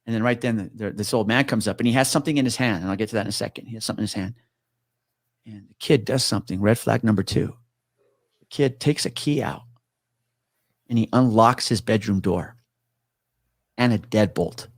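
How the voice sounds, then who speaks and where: A man's voice: on the low side, fairly quick, pauses often, no room sound, clean studio sound. Casual man spinning a gritty story. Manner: swears freely, acts out quoted voices. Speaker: guest telling a story.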